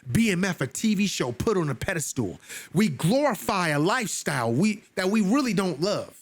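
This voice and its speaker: A man leads a Bible study, reading scripture and commenting on it emphatically like a preacher, with casual asides to his listeners. His sing-song voice climbs in pitch on stressed words, at a moderate pace with no room sound.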